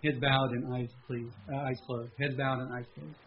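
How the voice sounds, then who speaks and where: A man preaching a sermon as pastor at a church service, animated, with a raised pleading voice when he acts out prayers. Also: medium pitch, moderate pace, lo-fi sound, slight background noise.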